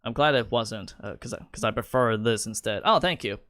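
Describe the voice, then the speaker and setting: A man's voice: fairly low pitch, a little fast, a bit bright, dry recording. A young man giving casual live-stream commentary, rambling and stammering with many restarts. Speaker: streamer and video creator.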